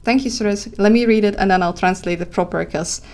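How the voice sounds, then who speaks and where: A woman's voice: medium pitch, fairly quick, a little mellow. A young woman with a Dutch accent chats on her live stream in an easy, casual way. She sounds tired, laughs a lot, and stops to correct herself and say sorry. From Netherlands. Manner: giggly, self-correcting, apologetic.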